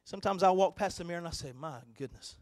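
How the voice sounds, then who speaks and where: Male preacher, high voice, sermon in a church, quiet storytelling that rises into sung-out preaching. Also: fairly even intonation, rapid-fire. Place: church sanctuary.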